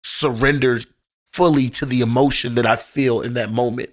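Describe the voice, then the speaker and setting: A young man who teaches and writes poetry joins a podcast as a guest, keeping a steady tone, a medium pitch, and a moderate pace. Over casual conversation he opens up with heartfelt personal stories, letting casual profanity slip in.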